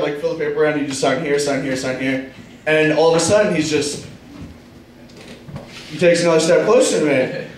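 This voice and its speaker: A young man tells loose, profane, self-mocking stories in a stand-up set, his voice sitting high for a man. He sounds far from the recorder in a very echoey room. An audience laughs loudly around him. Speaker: stand-up comic. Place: small comedy club stage.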